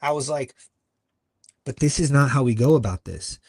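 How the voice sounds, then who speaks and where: A man guest on a podcast, telling a story earnestly and acting out other people's lines with sudden jumps in pitch. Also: expressive, moderate pace, darkish tone, slightly rough, dry recording. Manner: earnest, acts out quoted voices with big pitch jumps. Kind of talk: conversational storytelling.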